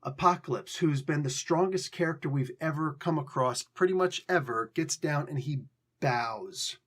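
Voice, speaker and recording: A man's voice: fairly high pitch, moderate pace, fairly bright tone. A man hosting a casual spoken review, rambling and frank, often correcting himself with a joking edge. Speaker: comic book reviewer and host.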